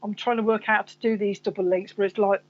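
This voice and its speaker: A woman's voice: medium pitch, level tone, fast, lo-fi sound. A woman with a Coventry accent hosting a live psychic reading stream, chatting and rambling as she talks half to herself. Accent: Coventry English. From Coventry, England. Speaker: psychic medium host.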